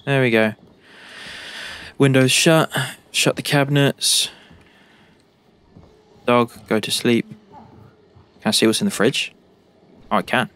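This young British man, a YouTuber who plays games, has a mid-range, slightly bright voice. He talks slowly with long pauses, joking as he goes and addressing the characters in the game.

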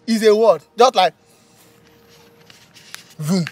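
A Nigerian man in a comedy skit, boasting loudly that he controls spirits, laughing often and breaking into panic. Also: high-pitched, lively intonation, fairly quick, husky, no echo, soft background music. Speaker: comedian playing a boastful native doctor. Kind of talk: skit comedy, pidgin-tinged. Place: outdoors in bush.

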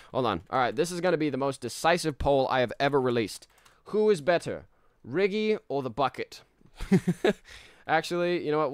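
A man chatting excitedly with his viewers while streaming a game, laughing often and running polls. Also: medium pitch, smooth, no room sound, clean studio sound. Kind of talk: live gameplay stream chat.

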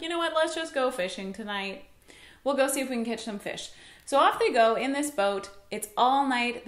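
A young woman teaching a Sunday school lesson at home, telling the story with playful voices. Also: fairly high pitch. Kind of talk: children's Bible lesson. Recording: echoey room.

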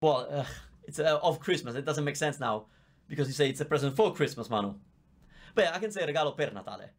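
Talking fast and animatedly in a fairly high voice, a native Italian teacher with an Italian accent hosts a live online Q&A. He reads viewer comments aloud, chatting and explaining with patience, his mic visible.

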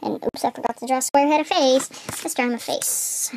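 A woman's voice: high-pitched, fairly even intonation, fairly quick, creaky, darkish tone, a little hiss or hum. A teenage girl casually retelling an online game session while drawing, rambling with many fillers and restarts. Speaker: video maker retelling a game.

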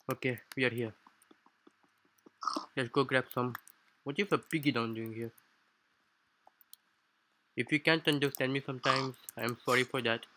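Bright-voiced man narrating a Minecraft playthrough. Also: mid-range voice, steady tone, normal speed, long pauses, poor audio. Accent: non-native English accent. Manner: formal, explanatory, slightly stilted phrasing. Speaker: gaming YouTuber. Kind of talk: Minecraft let's play commentary. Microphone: low-quality home mic.

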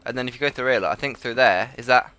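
Young man, rapid-fire excitable game commentary, bright and punchy, curses freely. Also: medium pitch, clear, resonant tone. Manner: loud, excitable, swears a lot, repeats words in bursts. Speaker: gamer host. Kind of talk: live multiplayer gameplay commentary.

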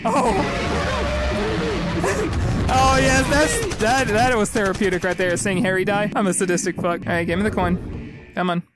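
A man's voice: high voice, fairly quick. Sarcastic young man swearing over game music. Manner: sarcastic, swearing, talks back to game characters. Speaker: gaming YouTuber. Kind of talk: gameplay commentary. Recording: loud game music behind.

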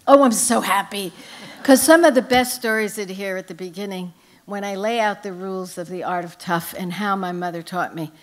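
An older woman, a guest author at a book festival, tells humorous anecdotes on stage at a live event. Her voice is medium in pitch and a little fast.

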